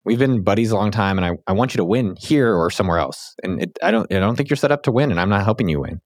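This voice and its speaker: Fast-talking deep-voiced male podcast host. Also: dry recording, clean studio sound. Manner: animated, rambling with restarts. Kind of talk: casual interview chat.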